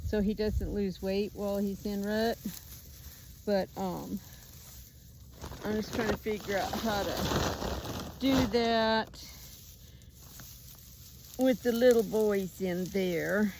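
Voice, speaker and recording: Speaking slowly with frequent pauses, this woman has a mid-range, steady, slightly mellow voice, and the recording has a little hiss or hum. As a homestead vlogger, she narrates her farm in a casual, chatty way outdoors, now and then cooing to her animals. Chickens and ducks cluck faintly in the outdoor background.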